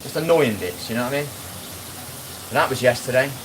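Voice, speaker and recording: Over background noise, a man with a mid-range voice talks at a moderate pace. He's a live streamer doing casual chat, washing up as he speaks bluntly to his viewers and keeps asking if they know what he means.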